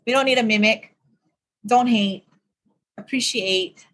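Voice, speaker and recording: A woman's voice: on the high side, a little slow, fairly bright tone. A woman, co-hosting a podcast in easy, chatty talk and laughing readily. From Hawaii. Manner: chatty storyteller, laughs easily. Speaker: podcast co-host. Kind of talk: casual chat.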